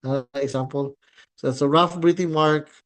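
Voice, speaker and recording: Halting Filipino-accented male teacher. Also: on the high side, steady tone, fairly bright tone. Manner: code-switching, halting, many fillers and restarts. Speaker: Greek teacher. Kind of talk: classroom lecture.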